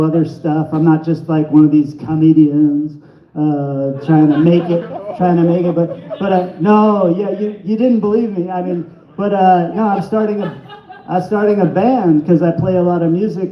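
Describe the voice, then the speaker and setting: A fairly high-voiced man talks his way through a stand-up set, halting and restarting as he rambles and mocks himself. He is recorded in an echoey small bar with a muffled, lo-fi sound. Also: steady tone. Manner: rambling, self-deprecating, halting delivery with restarts. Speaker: stand-up comedian at an open mic. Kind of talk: stand-up set with crowd work. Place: small bar comedy venue.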